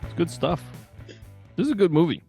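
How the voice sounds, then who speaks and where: A man's voice: a little high, very animated, a little fast, gravelly, warm tone, slightly rough, dry recording, soft background music. A man co-hosting a podcast, chatting casually and joking, with fillers and hesitations. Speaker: podcast co-host. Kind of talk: casual chat.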